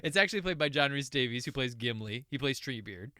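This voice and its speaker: A male podcast host chats in an animated, joking way. His voice is bright and clear, with a lively swing in pitch. The recording is dry and close. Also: fast talker, dry recording. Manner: animated, jokey, slips into silly voices. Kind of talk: casual podcast chat.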